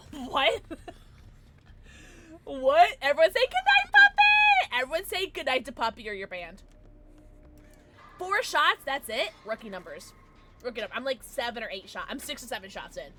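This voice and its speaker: A tipsy woman livestreaming a game, chatting casually with her viewers, giggling and breaking into loud squeals and shouts. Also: high voice, big pitch swings, moderate pace, long pauses. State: tipsy from drinking. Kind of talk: casual livestream chat while gaming.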